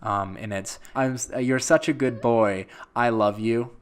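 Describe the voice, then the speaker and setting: A man's voice: mid-range voice, a little slow, smooth. A young man co-hosting a podcast, chatting casually with a playful, teasing manner. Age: young adult. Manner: playful, teasing, jokes deadpan. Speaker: podcast co-host.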